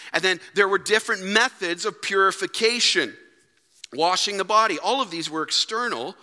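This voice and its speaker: High bright-voiced preaching man. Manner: dynamic preaching, acting out quoted voices, swings from loud to hushed. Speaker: pastor. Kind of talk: sermon. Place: church sanctuary. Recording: long hall reverb.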